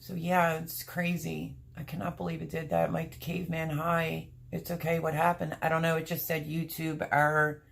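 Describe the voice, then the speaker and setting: A woman hosting her homestead livestream, chatting casually with viewers, apologetic, emotional and flustered, her voice rough and a little choked up. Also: deep voice, level tone, moderate pace, hardly any pauses. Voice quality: rough, gravelly voice. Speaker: homestead channel host.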